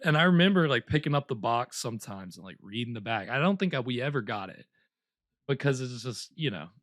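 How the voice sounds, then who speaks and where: A man's voice: medium pitch, expressive, fairly quick, a bit bright, no room sound, clean studio sound. A young man hosting a live movie stream, chatting casually and rambling, often restarting with lots of likes. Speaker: host. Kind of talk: casual chat.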